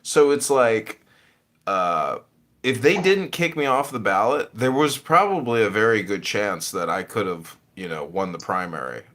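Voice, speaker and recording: A man hosting a podcast in casual, profane chat, mocking and animated. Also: lowish voice, measured pace. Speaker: podcast host.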